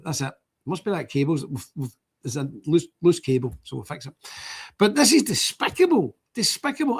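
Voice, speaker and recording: A man's voice: mid-range voice, slightly rough. An older man, hosting a livestream and talking to his viewers in an indignant, rambling way, repeating himself as he goes. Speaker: livestream host.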